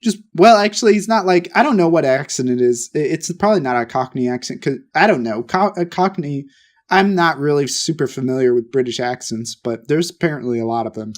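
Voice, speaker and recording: A man co-hosting a podcast, telling stories in a rambling, excitable way. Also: on the high side, fairly quick. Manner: rambling, excitable storytelling with restarts. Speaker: podcast co-host. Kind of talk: casual chat.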